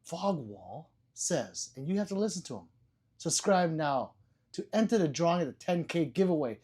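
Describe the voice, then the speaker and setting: A man's voice: fairly high pitch, sing-song, normal speed, a little mellow, slightly rough. A man hosting a casual livestream, reading viewers' chat messages aloud, joking, laughing and swearing freely. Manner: loose and profane. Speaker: livestream host.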